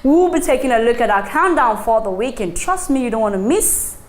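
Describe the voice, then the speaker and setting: Lively woman talk show host. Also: fairly high pitch, brisk, echoey room. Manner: lively, animated. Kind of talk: casual chat.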